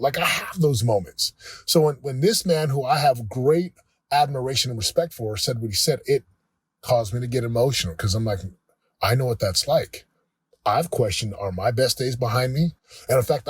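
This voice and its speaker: Earnest husky man in his forties. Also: mid-range voice, dry recording, clean studio sound. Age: 40s. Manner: earnest, emotional and confessional. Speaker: podcast host and coach. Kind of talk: motivational podcast monologue.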